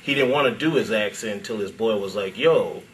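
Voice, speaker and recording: A man hosting an interview in a relaxed, slangy, agreeable way. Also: on the low side, fast talker, a little hiss or hum, rough recording. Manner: laid-back, slangy, agreeable. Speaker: interview host. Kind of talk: casual interview chat.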